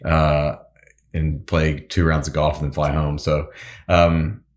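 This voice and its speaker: Male guest, low bass voice, loose rambling storyteller, laughs a lot. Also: flat delivery, slow. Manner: rambling, restarts, laughs often. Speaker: musician and pilot guest. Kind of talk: casual storytelling interview.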